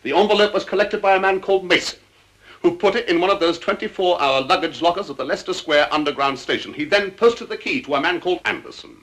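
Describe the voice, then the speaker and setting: An actor with an English accent playing a cool, understated secret agent with dry wit in a 1960s TV drama. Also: male voice, high voice, fast, a bit bright.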